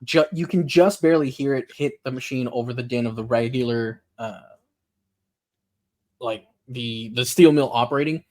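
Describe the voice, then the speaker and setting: A man narrating a tabletop role-playing game as game master, relaxed and halting, with many fillers. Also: mid-range voice.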